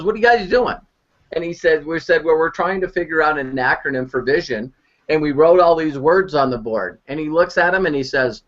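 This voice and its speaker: Man, storytelling mentor, fairly high voice, animated, stumbles and repeats, muffled call audio. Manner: animated, repeats words while speaking. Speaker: online marketing mentor. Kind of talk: storytelling on a live video conference. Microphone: video call.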